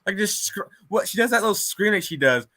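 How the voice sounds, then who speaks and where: Male podcast co-host, animated mocking rant, bright tone. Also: sits high, brisk, no echo. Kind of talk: casual movie rant.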